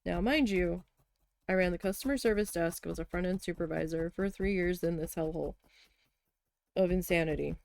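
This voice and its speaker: A woman's voice: on the low side, moderate pace, gravelly, a little mellow. A woman telling a story in casual chat while crafting, chatty and exasperated, swearing now and then. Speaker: craft vlogger.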